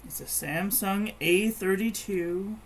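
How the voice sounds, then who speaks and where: A woman's voice: medium pitch, takes it slowly, a little hiss or hum. A woman chatting casually while she crafts at home, rambling and meandering, with frequent restarts. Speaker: crafting vlogger.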